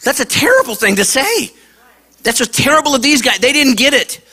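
Animated, high-voiced man preaching to kids. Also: a little fast, breathy edge. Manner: animated storytelling, acts out quotes. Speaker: pastor. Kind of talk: sermon for kids. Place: church campus.

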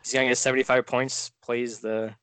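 A man co-hosting a casual fantasy sports podcast, talking in a relaxed way and thinking out loud as he trails off. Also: medium pitch, fairly quick, clean tone, no room sound. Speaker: podcast co-host. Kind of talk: casual fantasy draft chat.

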